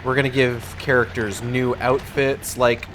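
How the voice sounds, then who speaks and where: A man's voice: mid-range voice, little pitch movement, a little slow, noisy background. A man streaming a video game live, chatting casually and swearing as he plays, thinking aloud with plenty of fillers. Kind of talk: live gameplay commentary.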